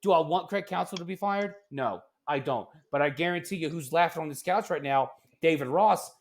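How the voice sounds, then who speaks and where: A man co-hosting a casual sports podcast, ranting in an animated, exasperated way that often turns loud. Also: fairly high pitch, fairly quick. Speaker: podcast co-host.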